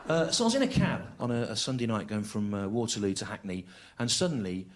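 A man performing a stand-up comedy routine, telling a story with deliberate, incredulous repetition. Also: on the low side, expressive. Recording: live show with audience laughter. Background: audience laughter.

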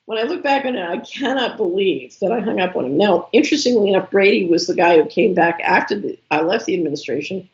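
A woman recounts an episode to an interviewer, acting out the voices of the people she quotes. Her pitch sits in a middle range. The recording sounds a little dull and lo-fi. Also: quick pace, few pauses. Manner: animated storyteller who acts out quoted dialogue. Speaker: interview guest. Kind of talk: conversational storytelling interview.

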